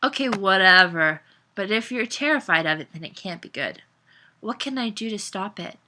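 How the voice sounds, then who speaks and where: A woman's voice: medium pitch, expressive, normal speed, pushed and bright, slight background noise. A woman voicing a blunt, brusque teenage boy in a storybook reading, talking curtly and snappishly. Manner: curt and snappish.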